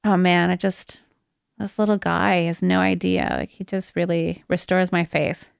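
A woman's voice: little pitch movement, measured pace, gravelly, smooth, no echo, clean studio sound. A woman hosting a casual comedy podcast, telling stories in a chatty way and acting out quotes. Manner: chatty storyteller, acts out quotes in high voices. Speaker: podcast host.

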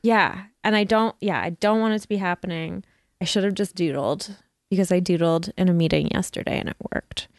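Her voice lowish and her pace brisk, a woman hosting a podcast tells a story in casual chat, self-mocking, chatty and often laughing. The studio-quality recording has no room sound.

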